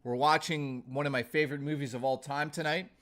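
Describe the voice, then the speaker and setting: A man's voice: fairly high pitch, steady tone, fairly quick, a bit bright. A man hosting a casual live stream, rambling and thanking viewers, his voice strained and fading. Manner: rambling, thanks chat by name. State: losing his voice.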